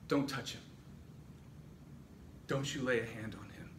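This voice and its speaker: A man preaching, voicing God, who urgently shouts commands, in an echoey room with noise. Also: mid-range voice, fairly even intonation, measured pace, natural voice. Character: God, commanding divine voice stopping a sacrifice. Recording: echoey room, distant mic, noisy.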